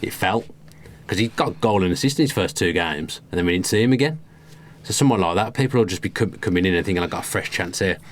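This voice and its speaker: A man's voice: deep voice, animated, quick pace. A man with a Birmingham accent, co-hosting a podcast in casual chat, opinionated and teasing. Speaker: podcast co-host.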